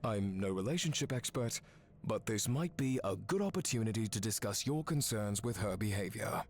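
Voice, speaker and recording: A man voicing a calm agency dispatcher in a game, level and businesslike. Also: lowish voice, normal speed, slight background noise, natural voice.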